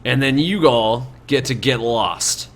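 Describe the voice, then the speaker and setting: A man's voice: mid-range voice, slow pace. A man voicing a swaggering male bandit leader who demands a toll, menacing and mocking, calling people mate.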